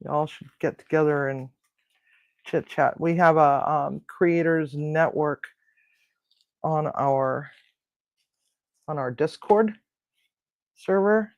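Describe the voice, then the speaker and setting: Cooking-stream host, unhurried and chatty, mutters to themself mid-task, dry close sound. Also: medium pitch, dry recording, muffled recording. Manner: chatty, mutters and grumbles to self while cooking. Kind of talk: casual live cooking chat. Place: home kitchen.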